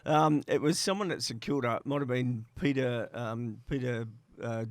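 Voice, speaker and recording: A man's voice: medium pitch, moderate pace, no room sound. A middle-aged Australian man, a former player agent, telling stories in a podcast interview and acting out the voices in them. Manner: lively anecdote teller who acts out quoted voices. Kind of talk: animated storytelling in a podcast interview.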